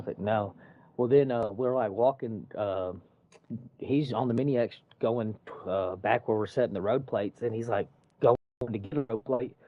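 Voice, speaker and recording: Man, casual storyteller, profane and animated, dull dry recording. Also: medium pitch, moderate pace, no room sound. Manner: profane, animated retelling with quoted dialogue. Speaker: construction worker telling a story.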